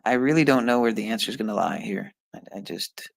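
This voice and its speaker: Man, gravelly voice, dry close sound, casual streamer, frustrated, swearing, mutters to himself and viewers. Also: lowish voice, fairly quick, no room sound, poor audio. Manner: talks to his viewers. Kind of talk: casual live-stream talk while taking an online test.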